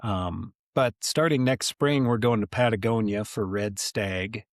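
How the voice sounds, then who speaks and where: A man in his forties telling stories as a podcast guest, animated and full of casual fillers. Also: lowish voice, a little slow, no room sound, clean studio sound. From United States. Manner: animated, many fillers like "like" and "you know". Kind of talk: casual storytelling.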